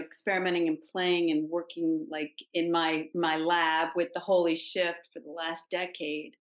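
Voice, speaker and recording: An older woman, a grandmother, talking as a guest in a reflective, halting way with frequent restarts. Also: fairly low pitch, roomy sound, low-quality recording. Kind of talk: casual spiritual conversation.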